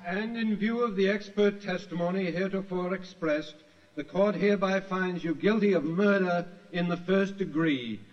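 An actor playing a stern, formal judge who speaks slowly, in 1940s radio acting. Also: male voice, high-pitched, close to an everyday voice. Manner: slow, formal pronouncing. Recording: muffled noisy old radio recording.

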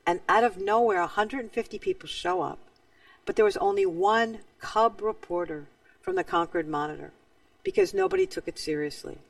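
A man hosting a talk show, telling an anecdote in a lively way and acting out quoted dialogue. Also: sits high, gravelly, dry recording, distant mic, low-quality recording. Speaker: host. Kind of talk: storytelling chat.

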